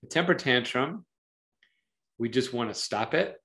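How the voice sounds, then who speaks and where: A man of average pitch speaks as a psychologist guest in an interview. He explains ideas thoughtfully and conversationally. He brings them to life by acting out other voices. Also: a little slow, vocal fry. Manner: animated, acts out parents' and children's voices in quotes; thoughtful, uses metaphors to explain.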